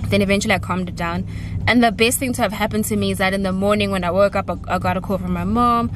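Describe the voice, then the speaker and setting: A woman's voice: medium pitch, fairly even intonation, quick pace, over music. A young woman in her twenties from South Africa, rambling emotionally in a casual vlog while walking home outdoors on a city street, phone held at arm's length. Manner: chatty and emotional, rambling with many fillers. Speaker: vlogger. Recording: loud street traffic noise. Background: loud passing traffic.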